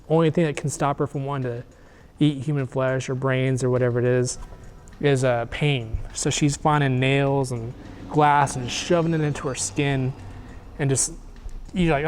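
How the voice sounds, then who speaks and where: A man's voice: medium pitch, a little mellow. A man hosting a movie review show, casually retelling a film's plot with many fillers and restarts. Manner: rambling, filler-heavy plot retelling with quick acted quotes.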